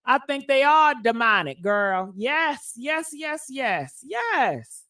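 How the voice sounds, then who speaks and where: A woman's voice: high-pitched, sing-song, slow, a bit bright. A woman host, giving emphatic, preachy commentary. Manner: preachy, emphatic, calls people girl. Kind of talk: casual commentary.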